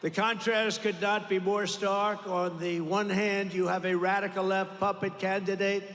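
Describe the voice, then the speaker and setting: A man's voice: high voice, level tone, measured pace, a bit bright. Older man giving a rambling rally speech. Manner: repetitive, boastful, rambling asides. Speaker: political rally speaker. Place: large arena. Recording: echoey arena with long reverb.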